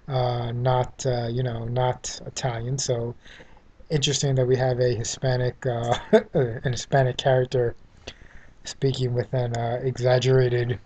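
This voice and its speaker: A man's voice: medium pitch, darkish tone. A man from New York City with a New York accent, giving a casual spoken TV review full of fillers and restarts. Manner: rambling, many fillers and restarts.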